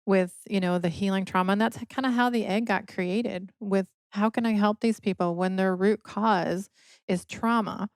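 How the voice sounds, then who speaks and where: A woman's voice: medium pitch, steady tone, normal speed, clear, resonant tone, no echo, clean studio sound. A middle-aged woman from Michigan, a podcast guest telling her personal story in an earnest, emotional way. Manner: earnest, emotional, quotes others in dialogue.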